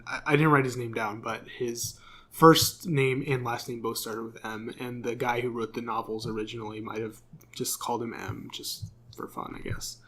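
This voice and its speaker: A young man co-hosting a laid-back podcast, talking in a loose, rambling way. He fills gaps with ums and uhs and corrects himself mid-sentence. His voice sits at an ordinary middle pitch. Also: fairly bright tone. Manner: rambling, filler-heavy, self-correcting. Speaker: podcast co-host. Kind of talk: casual chat.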